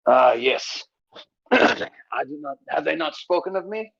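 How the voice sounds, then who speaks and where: A man's voice: on the high side, expressive, slow, creaky, a bit bright, slightly rough, voice pushed up, exaggerated voice. A man voicing a proud green mountain strider who speaks with stiff, formal politeness in a tabletop game. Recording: dull lo-fi mic.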